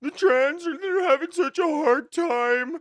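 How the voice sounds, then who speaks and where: Man putting on a squealing falsetto scold, whiny and slow, drawn-out delivery. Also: a bit bright, no echo. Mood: mocking whine. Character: shrill whiny scolding activist, mocked.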